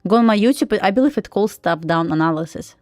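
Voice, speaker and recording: A woman with a Russian accent chatting casually on a live trading stream, full of "like" fillers and quick laughs. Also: mid-range voice, expressive, a little mellow, dry recording, clean studio sound, soft background music. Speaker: live-streaming day trader.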